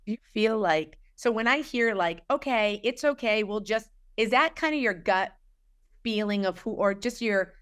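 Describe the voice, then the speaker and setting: A woman's voice: mid-range voice, normal speed, a bit bright, clear, resonant tone. A woman podcast host asking probing, conversational questions. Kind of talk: casual interview chat.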